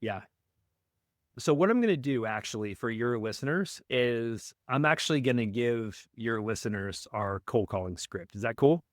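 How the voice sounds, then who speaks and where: At a moderate pace, a mid-range male voice explains the steps of cold-calling as a guest on a real estate wholesaling podcast. He's energetic and instructive, frequently asking "right?" to check in. The sound is dry and studio grade.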